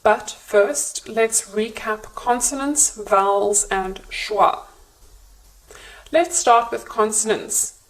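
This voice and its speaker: A woman narrating a scripted English pronunciation lesson in a clear, measured teaching manner. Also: fairly high pitch, poor audio.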